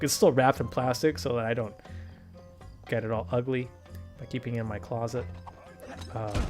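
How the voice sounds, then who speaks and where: A young man hosting a gaming video, telling rambling stories in casual chat, swearing and laughing often. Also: mid-range voice. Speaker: gaming channel host. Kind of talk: casual chat over gameplay.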